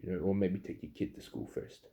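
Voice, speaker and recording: Young man, low gravelly voice, dark tone, blunt sweary rant. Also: steady tone, a little fast. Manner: blunt, swearing, acts out customers in quotes. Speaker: fast food worker. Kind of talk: casual storytelling rant.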